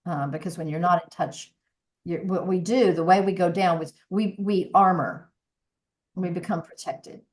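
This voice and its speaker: This podcast guest, a voice coach in her sixties, has a low, darkish voice with fairly even intonation and a moderate pace. Earnest and reflective in the conversational interview, she often starts sentences over.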